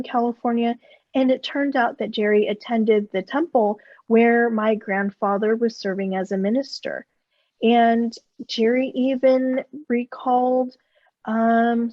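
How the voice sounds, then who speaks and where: A fairly high-voiced woman minister gives a reflective dharma talk, candid and earnest about her own feelings. The audio is dull and lo-fi, with no room sound at all. Her tone stays calm and personal throughout. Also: no room sound. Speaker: Buddhist minister.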